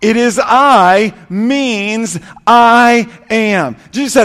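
High-voiced man preaching in a reverberant hall. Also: slow pace, fairly bright tone. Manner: preaching with rising and falling intensity, repetitive emphatic lists. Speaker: pastor. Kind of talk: sermon.

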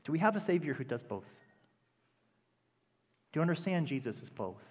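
A man preaching a sermon with impassioned delivery that rises to loud, emphatic peaks. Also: on the high side, sing-song, a little fast, husky. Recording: long reverb of a hall.

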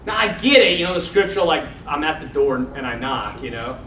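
A man talks to a group of young men in a casual, animated way, telling scenes with feeling. His voice sits high and sounds bright and forceful. It is recorded from a distance in an echoey room with faint noise behind. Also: a little fast. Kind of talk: informal talk to young men.

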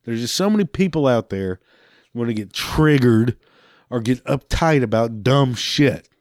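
A man's voice: mid-range voice, expressive, moderate pace, darkish tone, dry recording. Guy ranting and cussing nonstop, dry mic, laughs here and there. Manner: angry, swearing heavily, laughing between lines. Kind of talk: profane rant.

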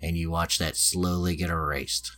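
Male podcast host, deep low voice, casual profane storyteller. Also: little pitch movement, moderate pace, sharp tone. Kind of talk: casual chat, retelling a plot.

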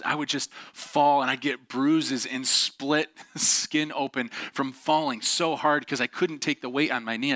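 A middle-aged man preaching a sermon with a bright, forceful voice. He tells his story candidly, with self-deprecating asides and plenty of ums. The sound is dry and close. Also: mid-range voice, no room sound. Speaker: pastor.

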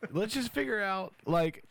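A man's voice: high voice, gravelly, a bit bright, dry recording. Laughing, crude-joking man hosting a podcast. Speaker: podcast host. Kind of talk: casual podcast chat.

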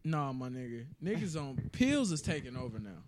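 A man hosting a casual group podcast, joking loudly and introducing his guests. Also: mid-range voice, sing-song, normal speed, a little hiss or hum. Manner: loud joking banter, introduces everyone. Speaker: podcast host.

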